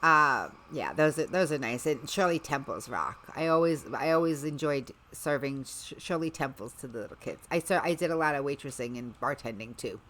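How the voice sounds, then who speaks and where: A woman's voice: sits low, big pitch swings, moderate pace, fairly bright tone. A woman hosting a livestream, chatting casually in a rambling way with sarcastic asides. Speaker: livestream host.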